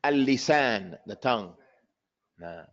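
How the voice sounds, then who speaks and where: A man's voice: medium pitch, animated, fairly quick, lo-fi sound. A man teaching a tajweed class, calling on students by name and switching between Arabic and English. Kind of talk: classroom lesson.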